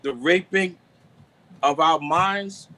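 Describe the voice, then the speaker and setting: A man on a live video call, explaining the deeper meanings of words in a preachy, repetitive way. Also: slow pace, sharp tone, low-quality recording. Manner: preachy, repeats "you know what I'm saying". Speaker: guest. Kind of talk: live stream talk on word meanings.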